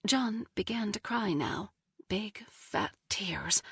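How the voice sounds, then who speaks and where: A woman reading an audiobook as narrator, in measured scripted narration with a breathy voice. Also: medium pitch, animated, fairly bright tone, dry recording, studio quality. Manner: slow, measured delivery.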